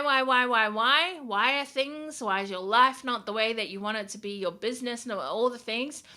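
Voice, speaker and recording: A woman's voice: mid-range voice, pushed and bright. A woman giving a candid, motivational vlog talk as a small business owner, swearing freely and speaking with emphatic drive.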